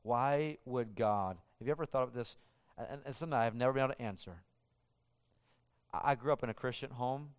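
A man from the United States preaching a sermon, moving between loud emphatic lines and hushed ones. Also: medium pitch, a little fast, smooth. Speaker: pastor. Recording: long hall reverb.

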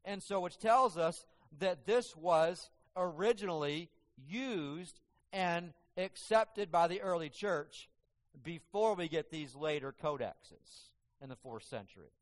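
A male preacher delivering a sermon in an earnest, halting way, often stumbling and restarting. His voice sits a little higher than most men's. It carries a long reverb through a church hall.

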